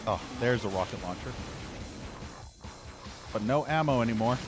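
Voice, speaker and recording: A male streamer talks over his gameplay in a mid-range voice, swearing and ranting as enemies attack from all sides. Loud game music, gunfire and explosions play behind him. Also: medium pitch, very animated, moderate pace, pauses often. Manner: profane, frustrated ranting. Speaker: streamer playing a shooter game. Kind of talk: live gameplay commentary.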